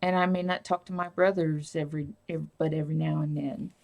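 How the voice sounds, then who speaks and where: A woman's voice: low voice, fairly even intonation, brisk, gravelly, darkish tone. A woman hosting a casual live stream, rambling and answering viewer comments as she talks.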